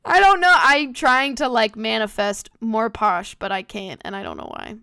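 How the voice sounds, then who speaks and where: A woman's voice: on the high side, very animated, moderate pace, gravelly, pushed and bright, smooth. An American woman streaming a game, chatting casually to herself, giggling and swearing often. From United States. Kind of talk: casual gameplay commentary.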